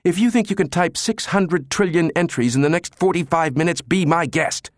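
A man voicing a frantic male systems chief who shouts and insists. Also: a little high, moderate pace, no room sound, studio quality, voice pushed up, natural voice. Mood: urgent.

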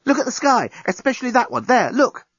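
A man voicing an excitable young woman who talks high and eagerly. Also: brisk, creaky, husky, dry recording, dull audio, exaggerated voice. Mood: excited.

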